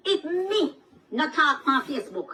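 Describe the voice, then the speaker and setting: Taunting Jamaican woman, high and loud. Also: big pitch swings, measured pace, far from the mic, slight background noise. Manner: taunting, cursing, shouting with mocking laughs. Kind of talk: angry social media rant.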